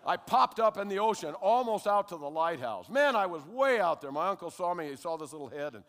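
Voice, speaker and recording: An older American man giving a lively spoken testimony to a congregation, checking in with his listeners as he tells his story. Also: high voice, fairly quick. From United States. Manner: animated storyteller who keeps checking in with the audience. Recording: long hall reverb.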